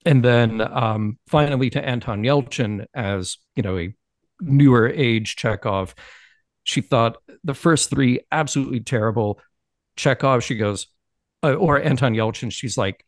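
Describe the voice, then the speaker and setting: A man's voice: mid-range voice, unhurried, no echo. A man co-hosting a podcast in casual chat, rambling with many fillers and restarts. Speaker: podcast co-host.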